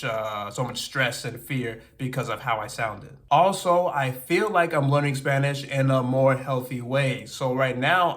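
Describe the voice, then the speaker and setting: A man's voice: medium pitch, a bit bright. A man from the United States with an American accent, talking earnestly and openly about his own experience in a personal vlog. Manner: earnest, open and self-reflective. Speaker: language-learning vlogger.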